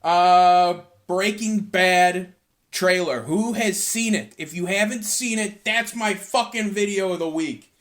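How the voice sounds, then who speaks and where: Alone on his own podcast, a young man who is tired from cleaning rambles and swears freely in a relaxed rant. He speaks slowly, his voice sitting high with a fairly bright tone.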